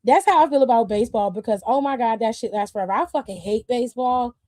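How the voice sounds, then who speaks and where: Talking fast in a mellow, high-pitched voice, this streamer hosts a casual livestream and addresses her viewers with blunt sass. Laughter and free swearing run through it, and the sound is dry and close-miked with no room around it.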